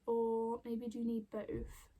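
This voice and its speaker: A young woman giving an emotional oracle card reading at home, soft and rambling with many fillers. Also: a little high, monotone, slow pace, heavy background noise. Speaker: spiritual card reader. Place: home room with plants.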